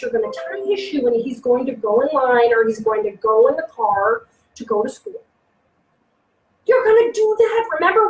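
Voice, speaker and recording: A woman giving a lively parenting workshop to a live audience, acting out children and adults in quick little voices. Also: extremely high pitch. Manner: animated, acts out kids and adults in quick voices. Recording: echoey room, voice from a distance.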